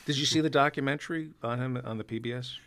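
A man's voice: medium pitch, fast talker, a bit bright, smooth. A man co-hosting a radio talk show, chatting and joking casually. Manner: jokey, chatty.

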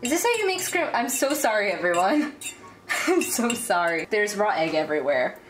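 A woman's voice: medium pitch, big pitch swings, normal speed, slight background noise. A young woman talking casually to camera in a chatty, giggly, self-mocking way. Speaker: YouTuber. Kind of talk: casual vlog bloopers.

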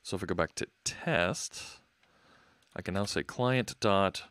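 A man hosts a live coding stream, casually narrating his thoughts as he works and chatting with viewers. His voice sits low and a bit bright, his pace is unhurried, and there's no room sound.

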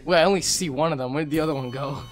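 A young man commentating while playing a video game, excitable and swearing, swinging between low mutters and loud outbursts. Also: racing, faint music behind. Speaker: gaming video creator. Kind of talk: let's play commentary.

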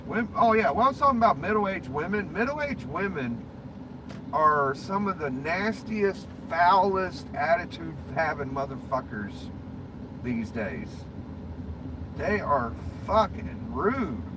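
A man's voice: fairly high pitch, sing-song, takes it slowly. Foul-mouthed man ranting over road noise. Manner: profane, rambling, blunt. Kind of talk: casual ranting chat. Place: inside a car. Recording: clear road and engine noise.

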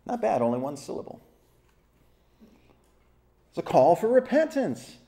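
Male pastor, Bible study leader, lively and questioning, mellow tone. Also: high-pitched, unhurried, gravelly. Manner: animated, asks the group questions, acts out voices in stories.

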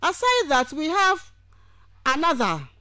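In a radio studio, a woman university lecturer gives a radio lecture on grammar in a high-pitched, pushed, bright voice with huge pitch swings and no echo. She's slow and deliberate, listing examples one word at a time.

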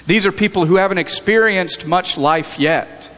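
Conversational preacher in a reverberant church. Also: male voice, high voice, moderate pace, a bit bright. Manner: earnest, conversational preaching with frequent restarts. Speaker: pastor. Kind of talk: sermon. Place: church sanctuary.

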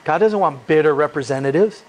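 A pastor with a slightly raised pitch preaches in a church. He moves between reading scripture and relaxed, joking asides. He keeps asking his listeners rhetorical questions. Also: brisk. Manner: reads scripture then adds casual, joking asides. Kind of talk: expository sermon.

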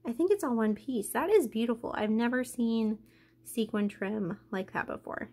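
Young woman opening happy mail, super excited, gasps a lot, kinda high voice. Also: moderate pace. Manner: gushing, excited, many gasps and "oh my gosh". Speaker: craft vlogger. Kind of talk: casual unboxing chat.

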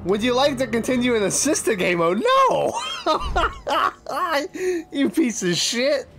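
A man commentating his own gameplay, excitable and profane, trash-talking the game, yelping and shouting at sudden scares, sometimes laughing as he talks. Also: extremely high pitch, a little fast, faint music behind. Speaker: gaming channel host.

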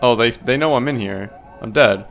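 A man's voice: mid-range voice, normal speed, soft background music. A man giving live commentary while playing a horror game, swearing, screaming when startled, and laughing nervously to himself. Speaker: gamer.

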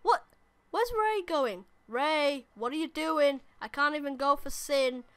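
A young adult woman, rambling and commentating live on her own gameplay, often bursting into excited shouts at the game. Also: sits high, unhurried, no echo. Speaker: gaming YouTuber.

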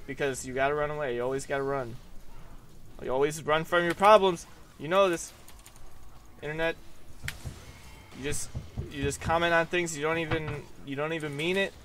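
A young man giving goofy, self-mocking commentary while he plays a video game and answers viewer questions, often breaking into high yelps. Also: normal speed, long pauses, fairly bright tone, slight background noise. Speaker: gaming vlogger. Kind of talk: gameplay commentary with Q&A.

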